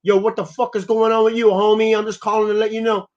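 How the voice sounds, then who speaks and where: A man voicing a brash young male caller who is loud, slangy and overfamiliar, in a raised voice. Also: sits high, little pitch movement, fast, pitched above the performer's own voice, close to an everyday voice. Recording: lo-fi muffled recording.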